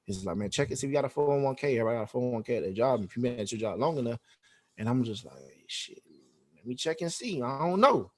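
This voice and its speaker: A man's voice: medium pitch, fast talker. A man, a podcast guest, telling a story in a casual interview, acting out the dialogue with lots of slang and swearing. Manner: animated, acts out quoted dialogue, heavy slang and swearing.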